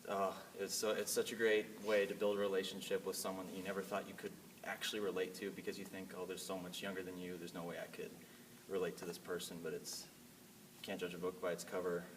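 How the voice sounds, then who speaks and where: A teenage boy answering an interview question casually in a monotone. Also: sits low, fast talker. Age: late teens. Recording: distant mic, faint hiss.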